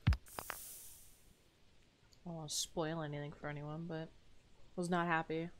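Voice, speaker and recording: A woman's voice: deep voice, flat delivery, unhurried. A woman streaming a farming game who chats casually and expressively and swears freely. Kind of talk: casual gameplay commentary.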